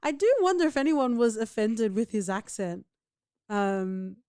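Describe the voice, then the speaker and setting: A woman's voice: a little high, lively intonation, unhurried, warm tone, clear, resonant tone, no room sound, studio quality. A woman co-hosting a podcast in casual chat, full of playful, teasing banter. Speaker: podcast co-host.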